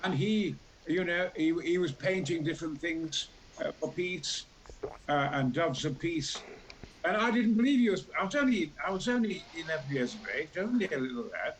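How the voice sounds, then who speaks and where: An animated storyteller from Yorkshire, England, now in his eighties, performs each character as a talk show guest, his booming delivery erupting in sudden loud outbursts. His pace is normal, the recording is rough, and there's slight background noise.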